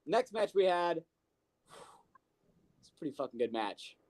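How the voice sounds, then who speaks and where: A podcast co-host in casual chat, telling stories in an animated, profane way full of fillers. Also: mid-range voice, a little slow.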